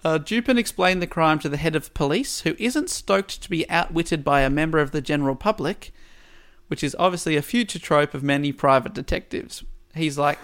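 A podcast host retelling a story's plot in a casual way, with dry asides along the way. His voice is gravelly and sits a little high for a man. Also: lively intonation, a little fast, fairly bright tone.

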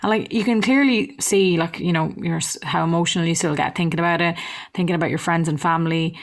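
A woman's voice: fairly low pitch, steady tone, quick pace. A woman hosting an interview, speaking empathetically to her guest. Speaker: host. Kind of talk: interview question.

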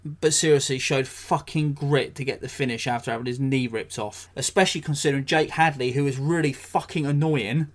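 A man's voice: medium pitch, fairly even intonation, fairly quick. An English man hosting a solo podcast, talking blunt and sweary, ranting with dry jokes. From England. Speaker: podcast host.

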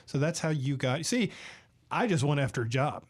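A middle-aged man hosting a casual chat, jokey and talkative, quick to laugh. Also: a little high, lively intonation. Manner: jokey, chatty, laughs easily. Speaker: show host.

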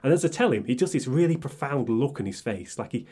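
Brief: young man, podcast co-host, slightly husky, lively sweary anecdotes. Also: medium pitch, fast talker. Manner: animated, swears freely, acts out quotes. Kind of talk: casual storytelling chat.

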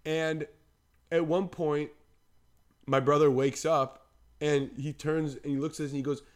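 A man co-hosting a podcast, telling a story in a casual, chatty way. He is animated and acts out the lines of the people in it. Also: fairly high pitch, measured pace. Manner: animated, acts out quoted voices. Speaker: podcast co-host.

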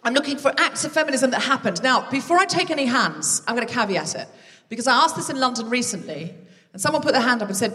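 A woman's voice: on the high side, big pitch swings, quick pace, few pauses, a bit bright, long reverb tail, recorded from a distance. A woman hosting a live comedy show on stage, joking and bantering with the audience. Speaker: comedy podcast host. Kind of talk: live stand-up crowd work. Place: large theatre with a live audience. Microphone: stage microphone.

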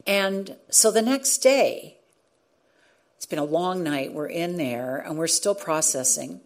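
A woman's voice: fairly low pitch, expressive, slow. A middle-aged woman, a radio journalist, telling a story earnestly in conversation, with frequent restarts. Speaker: radio journalist and former show host.

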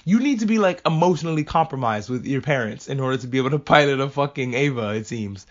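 A man's voice: mid-range voice, expressive, quick pace. Rambling lo-fi podcast man. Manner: rambling, swearing, laughing asides. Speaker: podcast host reviewing anime. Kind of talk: casual solo podcast review. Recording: dull lo-fi audio.

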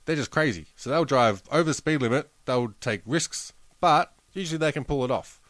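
A man's voice: mid-range voice, brisk, a bit bright, no echo. A man with an Australian accent, chatting casually as a podcast co-host, swearing freely and laughing at his own jokes. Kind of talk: casual chat.

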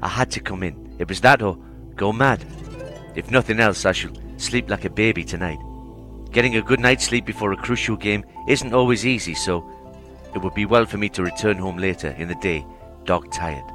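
Deep-voiced man narrating a novel. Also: normal speed, fairly bright tone, soft background music. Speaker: audiobook reader. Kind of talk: first-person novel narration.

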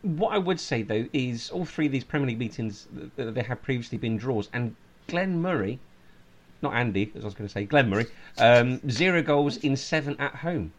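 A man's voice: medium pitch, fairly quick. A man hosting a casual football podcast, reading out stats and teasing his co-hosts. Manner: lively, teasing, reads out stats. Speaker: podcast host. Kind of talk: casual chat.

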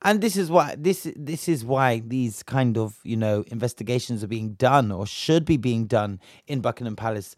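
A man's voice: medium pitch, expressive, moderate pace, few pauses, darkish tone, no room sound, studio quality. A young British man from Bristol giving a heated, slang-filled commentary rant, indignant and emphatic. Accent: British English. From Bristol, England.

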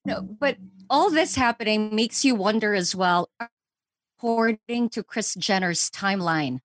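A woman's voice: medium pitch, lively intonation, unhurried, no room sound. A woman co-hosting a gossip podcast, opinionated and given to wry asides. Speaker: podcast co-host. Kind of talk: casual celebrity gossip chat.

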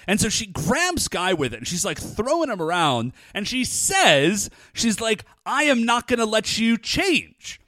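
A high-voiced man co-hosts a podcast, the recording dry and of studio quality. He recaps a TV episode in animated, casual chatter that's thick with "like" and "uh."

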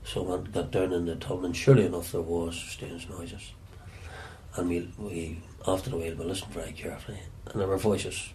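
A Northern Irish man telling stories from his past in an interview, often halting and repeating words as he searches for them. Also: sits low, level tone, dark tone, slight background noise. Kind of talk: reflective storytelling.

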